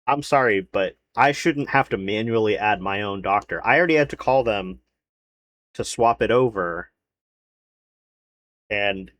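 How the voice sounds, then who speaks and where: Streamer guy rambling on, kinda low voice, swears a lot, lots of ums. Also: fairly bright tone. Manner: rambling, swears freely, frequent fillers. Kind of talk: casual chat to a live stream chat.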